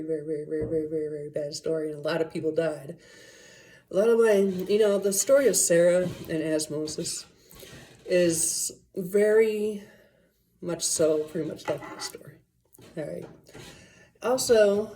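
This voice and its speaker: A woman's voice: sits low, dark tone. A woman telling a rambling personal story in a casual, profane way, full of fillers and asides. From Las Vegas area, USA.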